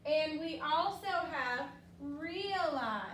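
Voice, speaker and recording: A woman teacher leading a classroom phonics lesson, upbeat and patient, drawing words out slowly for the children. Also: high-pitched, a bit bright, a little hiss or hum. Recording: echoey classroom from far off.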